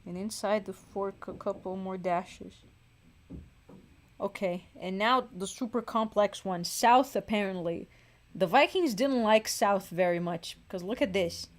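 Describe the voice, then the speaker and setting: A woman with a medium-pitched voice speaks a little slowly while hosting a livestream as she draws. She is a livestream host and singer, tired and chatting casually, thinking aloud, sighing and poking fun at herself.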